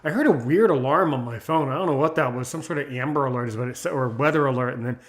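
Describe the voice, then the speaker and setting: A man's voice: medium pitch, fast. A man appearing as a podcast guest, chatting casually and rambling as he corrects himself. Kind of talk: casual chat.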